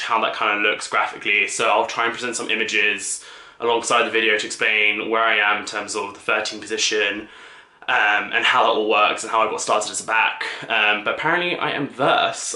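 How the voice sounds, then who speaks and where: Camp lad vlogging, lots of ums, bright tone, roomy echo. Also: male voice, lowish voice. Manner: camp, chatty, lots of fillers. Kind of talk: casual vlog chat. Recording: echoey room.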